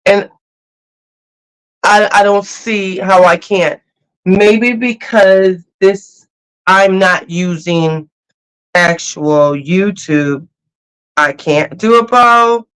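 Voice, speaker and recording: A host chatting casually on a livestream, greeting viewers and telling stories in an animated, laughing way. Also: medium pitch, drawn-out words, long pauses, clean tone, low-quality recording. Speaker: cruise channel host.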